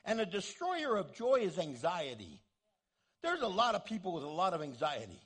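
A man pastor preaching a sermon in an animated way, acting out the voices he quotes. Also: high voice, normal speed, husky.

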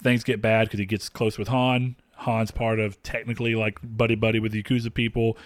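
A man's voice: on the low side, little pitch movement, brisk, no echo. Rambling Southern man podcast host. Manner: rambling, laughs often, many fillers. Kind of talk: casual chat.

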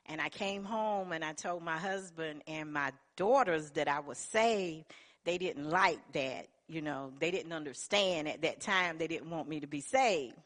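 A woman's voice: fairly low pitch, fairly bright tone. A middle-aged woman giving an earnest personal testimony in church, telling her story in plain colloquial speech.

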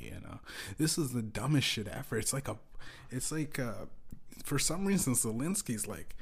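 Male podcast host, mid-pitched, loose profane comic rant with frequent laughs and sudden loud bursts. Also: lively intonation, normal speed, breathy edge. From Canada. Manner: rambling, profane, laughs often, shifts between mutters and loud outbursts. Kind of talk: casual comedic monologue.

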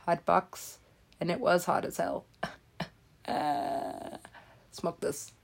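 A woman's voice: fairly low pitch, little pitch movement, very slow, gravelly. A woman rambling through a comedic commentary, swearing and giggling often.

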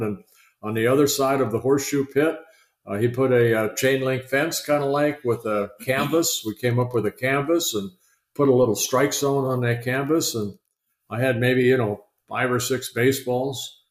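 An older man, a retired pitcher, telling chatty, rambling stories in a podcast interview, full of fillers and restarts. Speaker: guest, retired baseball pitcher. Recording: roomy echo.

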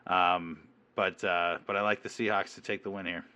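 A man's voice: deep voice, level tone, normal speed, sharp tone. A man co-hosting a fantasy football show, talking casually and hesitantly with many fillers. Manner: hesitant, many ums and uhs. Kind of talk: casual sports chat.

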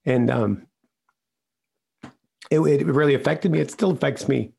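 An older man telling a personal story in an interview, earnest and halting, often restarting his sentences. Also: mid-range voice, creaky, mellow, slightly rough. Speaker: regular podcast host, interviewed guest.

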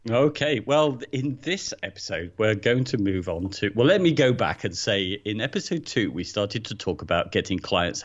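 A deep-voiced man talks through a casual podcast as co-host. He often stumbles and repeats words before getting going. The recording sounds a little dull and lo-fi. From England. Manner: hesitant, repeats words when starting.

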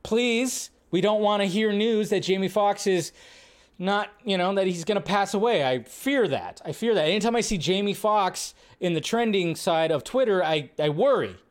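A man's voice: sits high, normal speed, smooth. A man hosting a live movie news stream, joking, reacting to chat and riffing casually.

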